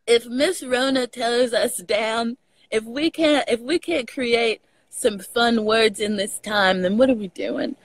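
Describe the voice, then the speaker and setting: A young woman with a Texan accent, chatting as a podcast guest, animated, laughing often and swearing casually. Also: fairly high pitch, slow, no room sound, rough recording. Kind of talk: casual conversation.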